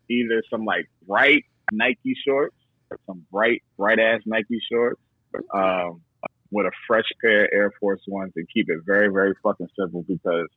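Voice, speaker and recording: A man's voice: lowish voice, dry recording, phone-quality sound. A man talking casually as a podcast guest, laid-back and slangy, often repeating himself as he works out what to say.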